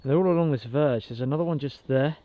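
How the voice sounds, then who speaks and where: A man vlogging casually while walking his dog outdoors in a park, chatty and quick to laugh. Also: medium pitch, no echo, lo-fi sound. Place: outdoors in a park and golf course.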